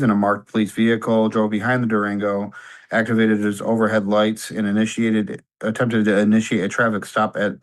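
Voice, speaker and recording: A male police detective testifying in court with a low, flat delivery. He recites the facts in a procedural, matter-of-fact tone. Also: rough recording. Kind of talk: sworn testimony.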